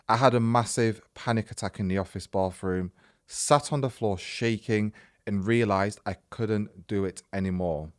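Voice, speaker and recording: A man's voice: lowish voice, darkish tone, no echo, clean studio sound. A young man hosting a podcast, reading a listener's story aloud in a casual, chatty way and often breaking off to comment.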